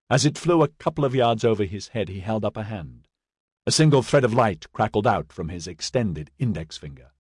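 A man giving a scripted audiobook narration in a steady, even storytelling manner. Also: medium pitch, no echo, clean studio sound.

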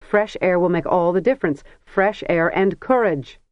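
A woman's voice: lowish voice, moderate pace, dry recording, muffled recording, lightly acted. A narrator as a firm, scolding older mother. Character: brisk, no-nonsense older mother.

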